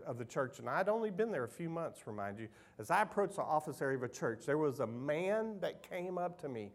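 A middle-aged man, preaching a sermon as pastor in an emotional, conversational storytelling way. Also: on the high side.

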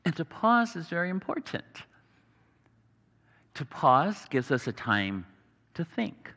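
A man preaching a sermon, earnest and explanatory, pausing for emphasis. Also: on the high side, sing-song, pushed and bright. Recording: long hall reverb.

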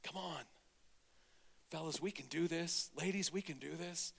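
A man preaching a sermon as pastor, getting over a cold, energetic and exhorting, swinging from loud to hushed. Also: on the high side, measured pace, vocal fry, slightly rough, big-room sound. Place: church sanctuary.

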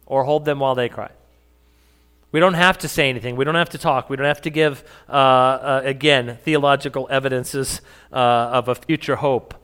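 Bright-voiced pastor in an echoey hall. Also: male voice, medium pitch, steady tone, normal speed, clear, resonant tone. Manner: conversational, joking with the congregation. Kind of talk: sermon.

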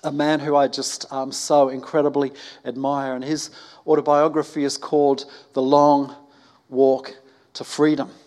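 A man's voice: medium pitch, little pitch movement, measured pace, darkish tone. A man preaching a sermon to a congregation, hesitant with frequent ums and restarts, breaking off for joking asides with the listeners. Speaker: pastor. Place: church service before a congregation.

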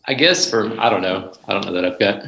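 Hesitant low-voiced man in an echoey room. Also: lively intonation, a little fast, gravelly, pushed and bright. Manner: hesitant, mumbling, often unsure. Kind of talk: casual chat. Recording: roomy echo.

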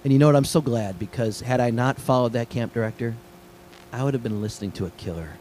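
A middle-aged male pastor preaches at an average pitch, telling stories in a lively way. He drops to hushed asides, then climbs to excited high points. A faint hum sits under the recording. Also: fast, low-quality recording. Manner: lively storytelling, jumps between hushed asides and excited peaks. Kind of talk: sermon.

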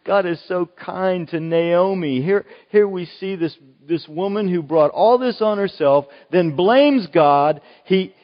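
An older man from Oklahoma preaching a sermon, earnest and emphatic, often restarting his phrases. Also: sits high. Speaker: pastor. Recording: dull, echoey hall recording.

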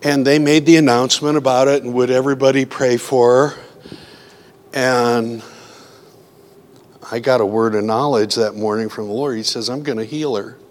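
A man's voice: mid-range voice, fairly even intonation, normal speed, long pauses. A man preaching in a conversational way, telling personal stories and acting out his own worried thoughts in quotes. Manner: earnest, acts out his own inner voice in quotes. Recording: long reverb of a hall.

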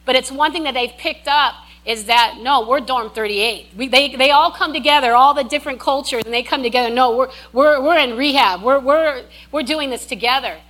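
A woman delivers a sermon in a high, ringing voice. She is emphatic, repeats key lines for weight, and breaks into animated asides. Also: normal speed, few pauses. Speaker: preacher.

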